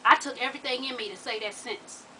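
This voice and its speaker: A woman's voice: on the high side, quick pace, recorded from a distance, a little hiss or hum, poor audio. A woman telling a long story to her viewers, laughing and swearing freely. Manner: profane, animated, laughs while telling. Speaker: vlogger.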